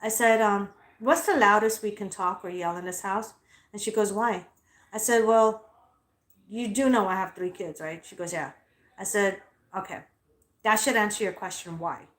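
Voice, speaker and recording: A woman telling stories in a casual vlog, blunt, loud and profane, and she calls herself straightforward. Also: medium pitch, moderate pace. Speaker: vlogger. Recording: echoey room.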